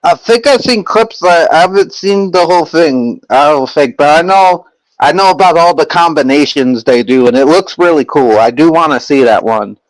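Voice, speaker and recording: A man's voice: on the high side, expressive, normal speed, dry recording, rough recording. Young guy rambling to his stream chat, lots of um and like, dry close sound. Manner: rambling, many fillers and restarts. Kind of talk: casual chat with viewers.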